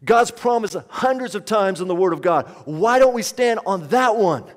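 A man's voice: sits high, expressive, normal speed. A man preaching a sermon as pastor, emphatic and repeating key lines, leading the congregation in call-and-response. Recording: long reverb of a large hall.

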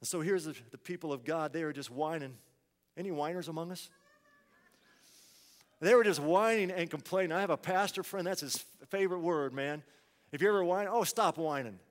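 A man preaching in a church, his fairly high voice rolling out with a long reverb tail. He asks the congregation pointed questions and acts out the complaints of fearful people. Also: brisk, pauses often. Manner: rhetorical questions, dramatic quoted complaints. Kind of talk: sermon.

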